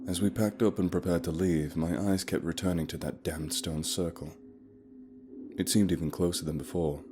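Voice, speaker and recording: A man narrating a scripted horror story in a measured, grave way. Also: rumbling low. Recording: steady background hiss.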